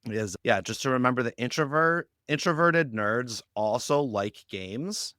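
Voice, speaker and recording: A man with a smooth, resonant voice talks as a podcast guest, building points through stories and slipping into quick quoted voices. The sound is dry and close, with no room around it. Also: medium pitch, dry recording. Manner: animated storytelling, acts out quoted lines. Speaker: guest on a youth ministry podcast. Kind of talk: conversational podcast interview.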